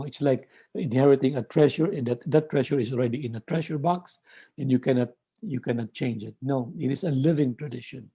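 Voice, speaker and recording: Guy lecturing, really dark mellow voice, bit husky, lots of restarts. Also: medium pitch. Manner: measured, repeats words and restarts often. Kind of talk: recorded theology lecture.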